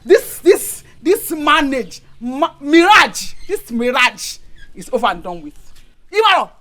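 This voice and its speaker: An actress with a Nigerian accent playing a bossy, domineering wife in a Nollywood comedy, mocking and barking orders. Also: female voice, sits high, big pitch swings, a little slow, fairly bright tone, full character voice.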